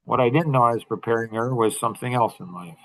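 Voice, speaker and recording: Gravelly middle-aged man telling a story. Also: mid-range voice, fast, fairly bright tone, no echo, rough recording. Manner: emphatic, repeats key phrases. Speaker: host. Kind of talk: storytelling talk to a group.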